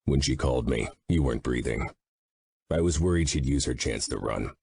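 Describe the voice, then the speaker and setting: A man voicing a stern mafia boss who is worried for his brother, in a dry, measured audiobook reading. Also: rumbling low, expressive, vocal fry, a little mellow, breathy edge, heavily acted. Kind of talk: audiobook narration.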